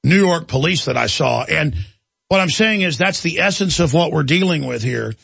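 Gravelly, ranting man. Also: a little high, animated, normal speed, a bit bright, dry recording. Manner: indignant, ranting storyteller. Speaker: talk radio host. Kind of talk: talk radio monologue.

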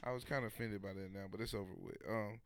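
A young man telling a story in casual chat, animated and laughing, acting out what people said. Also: on the low side, fast.

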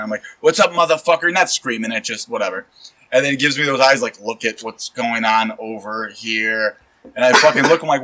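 A man's voice: mid-range voice, bright, forceful tone, rough recording. A man co-hosting a podcast, telling stories in casual, profane banter and acting out what people said. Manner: storytelling, profane, acts out quotes. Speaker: podcast co-host.

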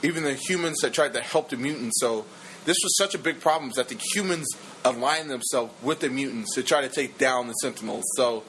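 A young man co-hosting a podcast, chatting casually and jokingly about a movie in a rambling, animated way. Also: mid-range voice, a little fast, slight background noise, rough recording. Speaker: podcast co-host. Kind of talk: casual movie review chat.

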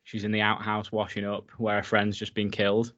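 A man's voice: fairly low pitch, completely flat delivery, a little fast, a bit bright, muffled recording. A man casually recapping a horror film for his co-host, enthusiastic and swearing freely. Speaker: podcast co-host.

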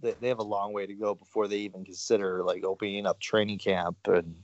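A man hosting a podcast in casual sports chat, halting with many fillers and restarts. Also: on the low side, flat delivery, no echo, lo-fi sound. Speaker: podcast host.

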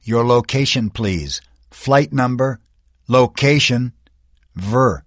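A man voicing a calm male radio operator with clipped, procedural speech in an audiobook. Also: mid-range voice, slow pace, no echo, clean studio sound. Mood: businesslike. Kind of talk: audiobook character voice.

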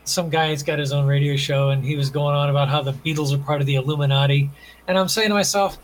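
A man's voice: on the high side, steady tone, fast, a little hiss or hum, poor audio. Earnest man preaching love and utopia. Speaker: author and guest. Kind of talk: casual podcast conversation.

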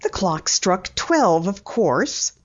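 A woman's voice: fairly low pitch, sing-song, slow, slightly rough, exaggerated voice. A woman reading an audiobook, voicing a prim older housekeeper who is easily exasperated. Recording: dull lo-fi audiobook recording.

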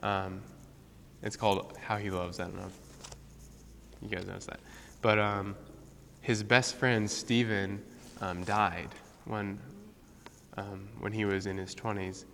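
Low, gravelly man in an echoing hall. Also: steady tone, bright, forceful tone, a little hiss or hum. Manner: casual, halting with many fillers. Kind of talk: informal devotional talk.

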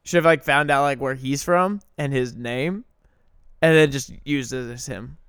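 A man's voice: medium pitch, a bit bright, clear, resonant tone, dry recording, clean studio sound. A man co-hosting a podcast in a casual chat, joking and riffing on his friend's stories. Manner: joking, quick to riff on the story. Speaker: podcast co-host.

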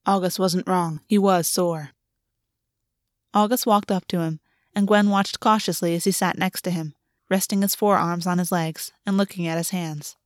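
A woman's voice: fairly low pitch, fairly even intonation, normal speed, dry recording, clean studio sound. Woman reading a story aloud. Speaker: audiobook reader. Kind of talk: storybook narration.

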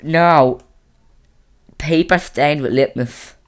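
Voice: mid-range voice, takes it slowly. Rambling, chatty teen podcast host. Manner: rambling, chatty, many restarts. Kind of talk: casual chat. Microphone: boom mic on a stand.

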